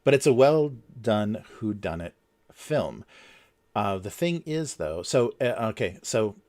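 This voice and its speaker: Low-voiced man chatting on a livestream. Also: big pitch swings, takes it slowly, a little mellow. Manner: rambling, many fillers and restarts; chuckles between points. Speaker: livestream host. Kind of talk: casual livestream chat.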